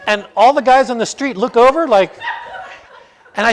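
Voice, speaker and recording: A man's voice: extremely high pitch, moderate pace, pauses often, a little hiss or hum. A middle-aged man teaching a Sunday school class, asking the class questions and telling stories. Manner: storytelling, asks the class questions.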